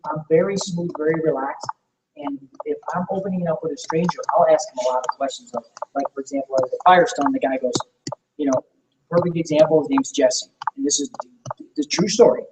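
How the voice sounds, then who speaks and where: Enthusiastic trainer in an echoey room. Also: male voice, a little high, expressive, brisk. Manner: enthusiastic, persuasive, asks the room questions. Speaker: sales team trainer. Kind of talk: live sales training talk. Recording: echoey room from far off, faint noise.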